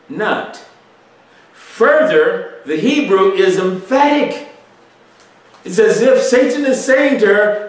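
A male preacher giving an emphatic expository sermon, asking rhetorical questions and swinging between loud and soft. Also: high voice. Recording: echoey room, distant mic.

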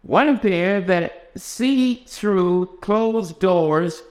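A man's voice: high-pitched, drawn-out words, pitched above the performer's own voice. A man reading the part of the Lord, an eager male creator, in an earnest, heightened way.

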